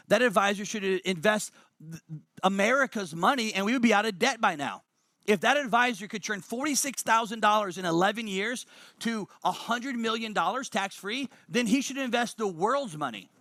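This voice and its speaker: A man's voice: sits high, expressive, normal speed, pushed and bright, no echo, studio quality. A man presenting a motivational money webinar, emphatic and fond of repeating key lines.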